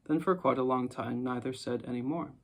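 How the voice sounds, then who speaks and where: A man reads a storybook aloud in a calm, measured way. His voice has a noticeably gravelly grain. His pitch sits in the ordinary middle range for a man. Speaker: audiobook narrator. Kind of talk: storybook narration.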